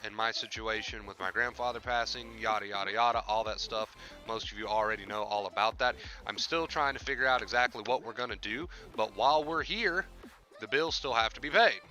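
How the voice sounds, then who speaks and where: A man's voice: fairly low pitch, brisk, bright, forceful tone, faint music behind. A man hosting a live stream, talking casually and earnestly to his viewers while grieving, often repeating himself for emphasis. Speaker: YouTube live-streamer hosting a mental-health Q&A.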